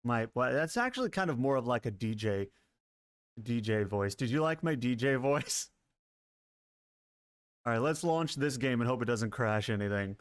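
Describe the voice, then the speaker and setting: A man streaming live gameplay, chatting casually with his viewers, quick to laugh and curse at what happens on screen. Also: medium pitch, no echo. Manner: excitable, laughs and swears at the game.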